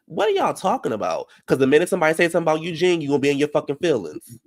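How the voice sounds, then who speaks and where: A man giving brash, profane reality TV recap commentary, heated and animated. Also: fairly high pitch, rapid-fire, few pauses.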